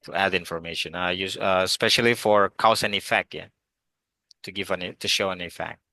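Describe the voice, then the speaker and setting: A man's voice: low-pitched, steady tone, fairly quick, bright, forceful tone, no room sound. A man teaching an online English class, encouraging students and calling on them by name.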